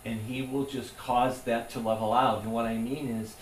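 A man's voice: mid-range voice, flat delivery, normal speed. A male pastor preaching a sermon in an earnest, conversational way. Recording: echoey room, voice from far off, faint hum.

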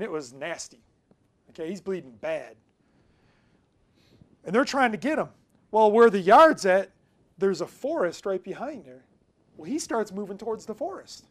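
A pastor delivers a sermon in a relaxed, conversational style, sharing a personal story and shifting between loud emphasis and quiet asides. His voice sits high.

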